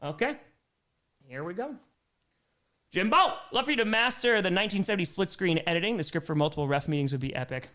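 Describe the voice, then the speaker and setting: A man's voice: high voice, brisk. A young man hosting a live stream, reading viewer messages aloud, thanking them, and calling the plays. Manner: bursts into excited play calls. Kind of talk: live play-by-play and chat reading.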